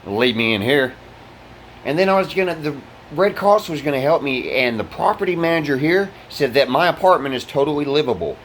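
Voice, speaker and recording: A man's voice: a little high, lively intonation, brisk, a little hiss or hum. Angry swearing man venting. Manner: frustrated, swearing, rambling restarts. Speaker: vlogger. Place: fire-damaged apartment.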